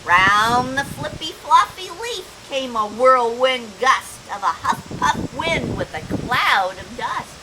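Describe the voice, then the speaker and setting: A woman's voice: sits high, animated, slow, few pauses, background noise. A woman volunteer reading a children's picture book aloud, playful, acting out sound effects and chatting to the young listeners between pages. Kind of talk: children's story read-aloud.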